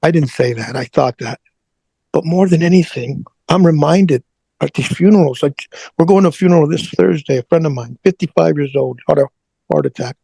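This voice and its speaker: A middle-aged man with a gravelly, husky voice that sits a little high for a man. He tells an emotional personal story haltingly, stumbling over and repeating words. The sound is close and dry. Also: mellow, no echo, low-quality recording. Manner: halting, repeats words, prays aloud in retelling. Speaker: interview guest.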